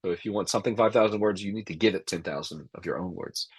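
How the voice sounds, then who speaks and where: A man's voice: low voice, quick pace, husky, no room sound. A middle-aged man answering interview questions as an expert witness, emphatic and prone to repeating words as he starts sentences. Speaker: expert witness and law professor.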